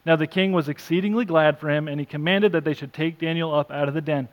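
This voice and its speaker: A male pastor delivers an earnest sermon with a slightly higher-pitched voice. He reads scripture aloud and swings between emphatic, raised lines and quiet, hushed ones. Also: fast, dull audio. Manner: earnest preaching, rising for emphasis then dropping soft; self-deprecating asides.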